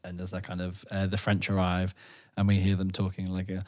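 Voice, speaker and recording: Animated man telling a story. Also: low-pitched, brisk. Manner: animated storyteller, breaks into laughter and silly voices. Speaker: podcast co-host. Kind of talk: casual chat recounting a larp weekend.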